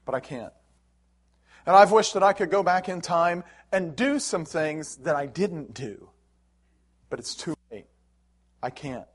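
A man's voice: on the high side, slightly rough. A middle-aged man preaching a sermon in an earnest, emotional way, with swells of emphasis. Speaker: pastor.

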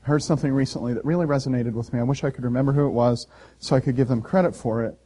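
A male pastor preaching a sermon in a conversational, storytelling way, swinging from loud emphasis to soft quiet. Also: medium pitch, steady tone, racing.

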